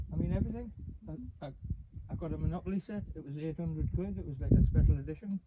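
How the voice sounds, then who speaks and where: A man's voice: fairly high pitch, fast, hardly any pauses, narrow, tinny audio, heavy background noise. A Geordie man in his fifties from Newcastle, chatting casually and rambling through stories, acting out what people said. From Newcastle, England. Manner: rambling, animated storyteller acting out quotes. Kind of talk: casual chat, storytelling.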